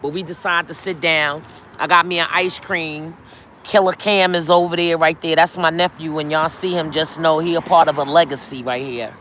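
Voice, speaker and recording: A middle-aged woman from New York talks directly to her live-stream viewers outdoors on a city street, chatty and full of "y'all." She speaks at a moderate pace in a low, fairly bright voice with fairly even intonation, and there's slight noise in the background.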